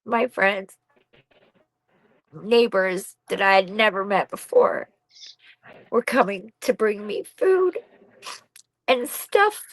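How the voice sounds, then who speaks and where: A woman's voice: mid-range voice, expressive, slow, pauses often, no room sound, rough recording. A middle-aged woman telling her own story as a podcast guest, blunt and raw, swearing freely. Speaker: podcast guest, bereaved mother. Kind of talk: candid personal storytelling.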